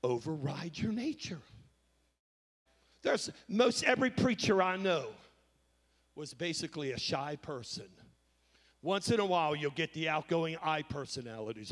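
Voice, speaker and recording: Preaching pastor in an echoing church. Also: male voice, fairly high pitch, animated, measured pace. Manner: preaching with rising intensity, quoting scripture. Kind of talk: sermon. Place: church sanctuary. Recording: long reverb of a church hall.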